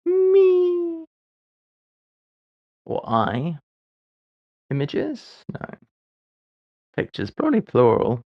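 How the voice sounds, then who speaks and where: Solving puzzles on a livestream, a forties-aged man thinks out loud in casual chat, poking fun at himself with wry remarks. He speaks slowly with long pauses, his medium-pitched voice animated yet creaky. The audio is dry and phone-quality.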